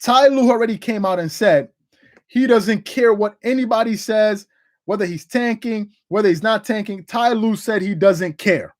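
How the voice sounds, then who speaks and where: An animated man hosting a casual sports livestream. He rambles, repeats himself and reads out viewer comments, and his voice leaps up when he gets excited. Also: high-pitched, normal speed. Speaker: sports talk livestream host.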